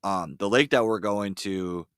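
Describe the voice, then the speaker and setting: A man with a very low voice hosts a relaxed podcast. He rambles through stories with plenty of fillers and gets excited as he retells them. The sound is dry and close. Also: a little slow, clear, resonant tone, no echo. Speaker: podcast host. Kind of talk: casual chat. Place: ice fishing shanty.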